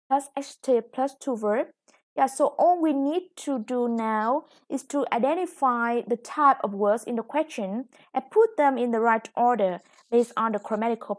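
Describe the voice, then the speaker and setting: A woman teaching an English lesson, slowly stressing each new word. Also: a little high. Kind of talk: recorded classroom lesson.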